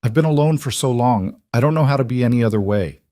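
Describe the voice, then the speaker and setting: A man's voice: mid-range voice, fast talker, dark tone, no echo, pitched above the performer's own voice, close to an everyday voice. Overwhelmed, self-critical woman executive, read by a male narrator; apologetic, dry audiobook sound. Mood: shaky.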